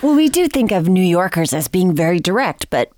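A woman interviewer asking curious questions in a relaxed conversation, laughing often. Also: lowish voice, a little fast, no room sound, clean studio sound.

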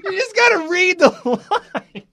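Giggly, high-pitched man teasing. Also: very animated, a little slow, pushed and bright. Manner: giggly, teasing, exclaims often. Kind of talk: casual joking chat.

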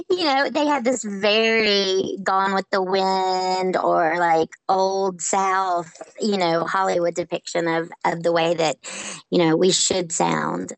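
A woman from Memphis, Tennessee with a Southern accent, a social worker telling stories in a remote interview, lively and laughing often. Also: mid-range voice, slow pace, no room sound, low-quality recording. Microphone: online call.

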